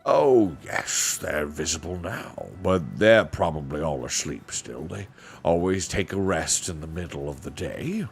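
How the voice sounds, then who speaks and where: A man voicing a mild, sleepy old male magician who talks in a gentle, chuckling, rambling way. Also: very deep voice, measured pace, creaky, faint music behind, heavily acted. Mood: genial.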